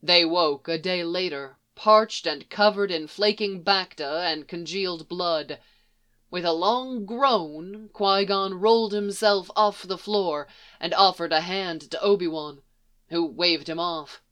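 A narrator reading a story aloud in a soft, measured way. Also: mid-range voice, clear, resonant tone. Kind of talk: audiobook reading of fan fiction.

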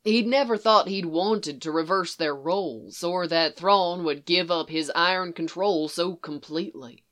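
A narrator reading fan fiction aloud in a slow, even, unhurried way. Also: medium pitch. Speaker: audiobook narrator.

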